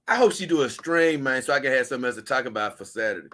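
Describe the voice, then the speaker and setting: A man's voice: mid-range voice, animated, a little fast, pushed and bright. A man, hosting a casual show, rambling and chuckling as he reads posts aloud to his viewers. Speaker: host.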